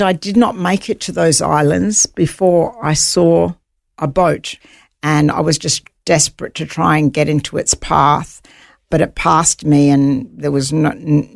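Woman with a low creaky voice, dry close sound, earnest storyteller on an interview. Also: steady tone, normal speed, no echo. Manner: earnest, voices her own thoughts in quotes. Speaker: interview guest.

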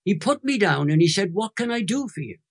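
Older Welsh man, 80s, slightly high-pitched, emotional and animated testimony teller. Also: slightly rough. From Wales. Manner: animated, emotional storytelling with dramatic pauses. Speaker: guest. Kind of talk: storytelling testimony.

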